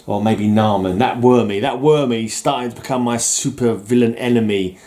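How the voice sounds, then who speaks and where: A comic collector vlogger chats casually about his comics in a warm, medium-pitched voice at a moderate pace. He rambles and jokes, mocking himself with mock-villain bluster.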